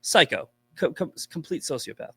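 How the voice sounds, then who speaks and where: Guy from boston on a podcast, cursing and blunt, kinda high voice, dry mic. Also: lively intonation, normal speed, pushed and bright, breathy edge, no room sound. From Boston, USA. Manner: blunt, profane storytelling. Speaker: podcast guest, commentator. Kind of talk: casual podcast chat.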